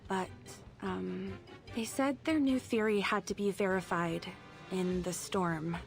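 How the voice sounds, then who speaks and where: A man voicing a hesitant young woman clerk from a game, in a soft falsetto with halting delivery. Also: fairly even intonation, vocal fry, soft background music, exaggerated voice. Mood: timid.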